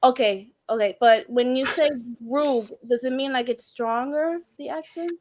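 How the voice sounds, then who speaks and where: Chatty high-voiced woman. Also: moderate pace, darkish tone, no room sound. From not from the UK. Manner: chatty, lots of fillers, questioning. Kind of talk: casual chat.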